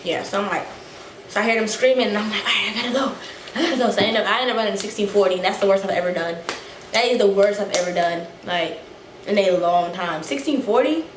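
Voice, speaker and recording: A young woman telling a casual story to her vlog viewers, animated and a little out of breath, acting out the quotes. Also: mid-range voice, quick pace. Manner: animated, acts out quotes, swears freely. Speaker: vlogger. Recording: echoey room, faint noise.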